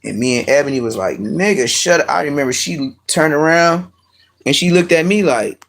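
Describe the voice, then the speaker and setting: A man's voice: on the high side, normal speed, vocal fry, fairly bright tone. Man rambling on a live stream. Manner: rambling, profane, slangy. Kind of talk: casual live-stream chat. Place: at home with his dogs.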